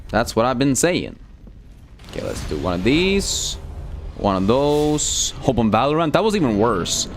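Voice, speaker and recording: A man's voice: mid-range voice, wildly swooping pitch, measured pace, soft background music. Casual man streaming games. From Sweden. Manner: loose and profane, reads chat aloud, many fillers. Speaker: game streamer. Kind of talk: casual live-stream chat.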